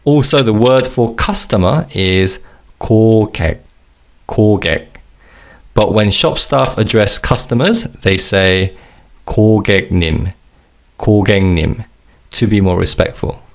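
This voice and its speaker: A man's voice: fairly low pitch, expressive, normal speed, creaky. A man teaching a recorded language lesson, explaining words patiently and leading repeat-after-me drills.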